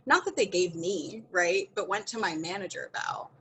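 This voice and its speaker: Guest spot: American woman, bright and forward voice, candid and expressive, laughs through the story. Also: fairly low pitch, normal speed, slight background noise, rough recording. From United States. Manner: earnest and expressive, often laughing mid-story. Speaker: podcast guest.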